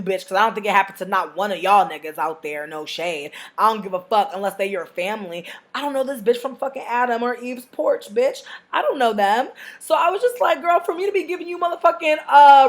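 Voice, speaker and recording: Loud, profane woman ranting to camera. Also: on the high side. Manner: loud, profane, animated venting with acted-out dialogue. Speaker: vlogger. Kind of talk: storytime rant to camera.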